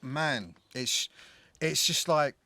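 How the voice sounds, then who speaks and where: A man's voice: fairly high pitch, extremely slow, pushed and bright, dry recording. A man co-hosting a casual film podcast, talking in rambling bursts with frequent restarts and the odd swear word. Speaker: podcast co-host.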